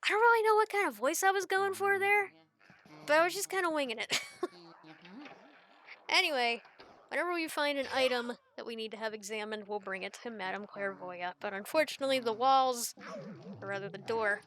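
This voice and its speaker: A woman's voice: on the high side, animated, moderate pace, long pauses, fairly bright tone. A woman giving casual, playful gameplay commentary as a let's play host, giggling and making joking asides.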